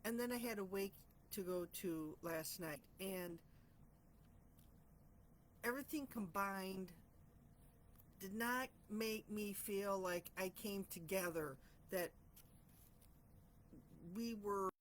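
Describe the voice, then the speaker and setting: A woman's voice: mid-range voice, takes it slowly, pauses often, a little hiss or hum. Heartfelt woman, rambling personal reflection. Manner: heartfelt, rambling, self-searching. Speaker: host of a reflection channel.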